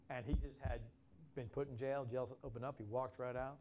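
A man's voice: medium pitch, fairly even intonation, fairly quick, darkish tone, a little hiss or hum. A man preaching a sermon in an impassioned way, often restarting his phrases and acting out quotes. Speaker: pastor.

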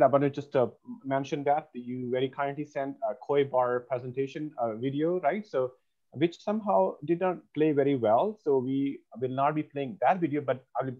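A man's voice: medium pitch, lo-fi sound. A man hosting an interview over a video call, polite and hesitant, with many fillers. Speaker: program host.

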